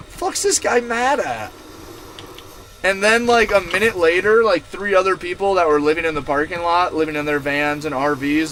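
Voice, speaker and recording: A man's voice: fairly high pitch, a bit bright, a little hiss or hum. A man streaming from his camper van, telling a story to his live chat in a casual, profane, rambling way with lots of fillers.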